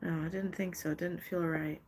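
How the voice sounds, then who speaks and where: A woman's voice: fairly low pitch, flat delivery, normal speed, noisy background. A woman hosting a casual live stream, chatty and gushing as she pulls cards for a viewer. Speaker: live stream host doing card readings.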